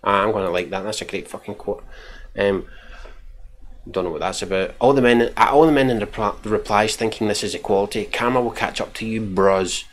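A man's voice: fairly low pitch, a little fast. A Scottish man giving mocking, profane reaction commentary while reading out tweets. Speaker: commentary channel host.

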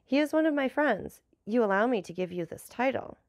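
A woman reading a calm, commanding Count. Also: a little high, brisk, no echo, studio quality, pitched above the performer's own voice, close to an everyday voice. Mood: measured, commanding. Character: commanding, enigmatic nobleman, the Count.

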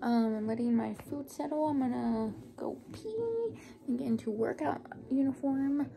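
A woman's voice: fairly high pitch, fairly even intonation, normal speed, gravelly, warm tone. A young adult woman vlogging casually from her car, chatty and self-deprecating, often laughing at herself. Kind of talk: casual vlog chat. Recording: background music under voice.

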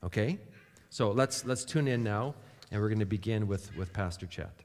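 Chatty pastor in a reverberant church. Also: male voice, lowish voice, normal speed. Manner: relaxed, chatty with restarts. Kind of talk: church service talk. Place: church sanctuary. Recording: long hall reverb.

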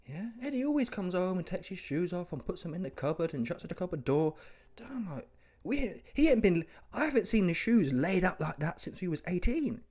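A man's voice: sits high, sing-song, normal speed, a little mellow. A man hosting a comedy reaction monologue, teasing and laughing, asking "yeah?" again and again. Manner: streetwise slang, asks "yeah?" constantly; playful, teasing, laughs often.

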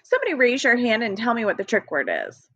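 A woman's voice: fairly high pitch, sing-song, fast talker, a bit bright, no echo. A woman teacher leading a recorded early-grade phonics lesson, patient and encouraging, spelling out letters one by one. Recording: dry, dull lo-fi home recording.

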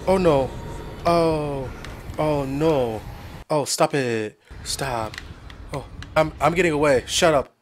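A man's voice: a little high, slow, a little hiss or hum. A young man hosting a horror game playthrough, chatting casually and exclaiming often. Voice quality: jumpy, exclaiming and talkative. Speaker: gaming video host. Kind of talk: casual let's-play commentary.

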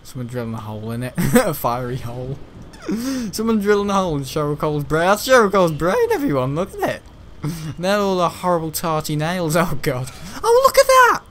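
Gaming host: fairly high voice, loose and jokey, chatting casually over play. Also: male voice, sing-song, brisk, a little hiss or hum. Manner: rambling, jokey, laughs often. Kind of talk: casual gameplay commentary.

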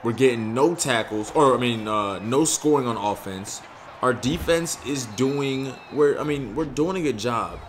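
With faint noise in the background, a young man with a mid-pitched voice narrates his own gameplay at a measured pace. The gaming YouTuber's loose, slangy commentary turns excited over big plays and frustrated when things go badly.

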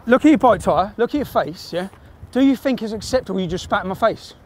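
A man in a heated shouting and swearing confrontation in an outdoor car park. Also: sits high, animated, quick pace. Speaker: activist filming a confrontation.

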